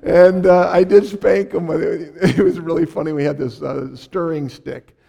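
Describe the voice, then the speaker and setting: A man's voice: a little high, steady tone, measured pace, creaky, warm tone, slightly rough. An older man preaching through a rambling family story, chuckling often as he goes. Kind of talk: storytelling sermon.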